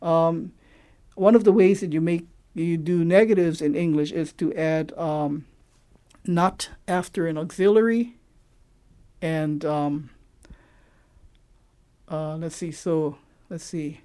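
Halting man explaining a creole. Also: fairly high pitch, dark tone, smooth. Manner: thoughtful, halting, searching for examples. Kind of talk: explaining language with examples.

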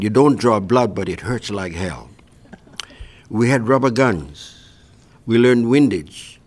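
An older man from Hawaii, reminiscing in an oral history interview and tagging his points with "see". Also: lowish voice. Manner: reflective storytelling, tags sentences with "see".

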